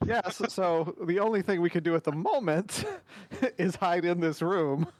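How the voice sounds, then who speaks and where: A man's voice: high voice, measured pace, a little mellow, dry recording. Earnest man with a raised voice. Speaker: player. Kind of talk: tabletop game play.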